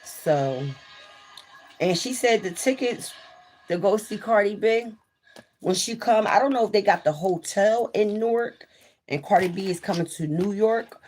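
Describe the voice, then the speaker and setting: A woman's voice: lowish voice, darkish tone, a little hiss or hum. Candid swearing woman chatting on a livestream. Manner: candid, swears freely, reads out viewer comments. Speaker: livestream host. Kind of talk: casual livestream chat.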